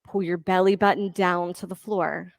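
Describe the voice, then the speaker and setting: A woman teaching a yoga class, giving steady counting cues and encouraging her students. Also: fairly low pitch, normal speed, gravelly, no room sound, studio quality. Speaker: yoga instructor. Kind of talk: leading a live yoga class.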